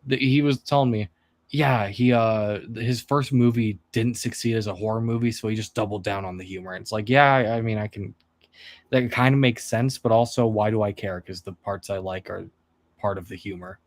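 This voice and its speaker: A man's voice: lowish voice, steady tone, fairly quick, no echo. A man co-hosting a stream, talking casually and rambling with laughs. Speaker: stream co-host. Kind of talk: casual chat.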